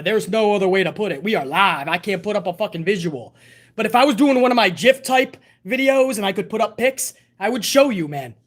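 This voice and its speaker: A man hosting a live stream, chatting casually and profanely and answering viewer messages. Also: sits high. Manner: profane, laid-back banter, reading viewer messages.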